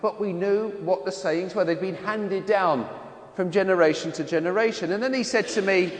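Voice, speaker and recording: A priest from London with a London accent, reading the gospel and then preaching in a chatty storytelling way. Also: male voice, high voice, moderate pace, roomy sound, long reverb tail. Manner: chatty storytelling with voiced impressions.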